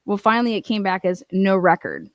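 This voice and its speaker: A woman hosting a true-crime advocacy show gives fired-up, casual commentary, emphatic and indignant, with frequent fillers and asides. Her mid-range voice swings widely in pitch and moves briskly. The sound is close and dry, with no echo.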